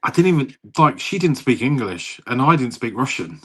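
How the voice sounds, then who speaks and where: A man in his thirties with a husky, slightly breathy voice, co-hosting a casual podcast chat. He rambles from story to story, laughs easily and swears freely. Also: mid-range voice, very animated, moderate pace, fairly bright tone. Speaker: podcast co-host.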